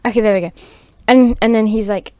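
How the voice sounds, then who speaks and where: A woman's voice: a little high, steady tone, fairly quick, darkish tone, no room sound. A woman improvising a rambling story, full of fillers and restarts, on a close home mic. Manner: rambling, filler-heavy, giggly.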